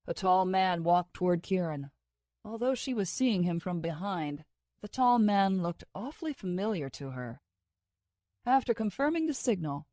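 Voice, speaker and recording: A woman's voice: on the low side, mellow, dry recording. Woman narrating an audiobook, dry. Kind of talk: scripted narration.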